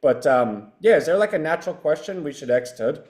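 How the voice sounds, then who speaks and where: A man's voice: fairly high pitch, expressive, brisk, darkish tone. A man who founded a company, explaining his AI product in a loose, rambling live-stream chat with self-deprecating asides.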